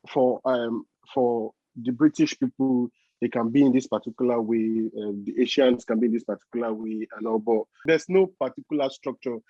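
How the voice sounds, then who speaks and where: A man, a joking and animated panelist in a studio chat. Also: mid-range voice, no room sound, dull audio. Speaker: guest panelist.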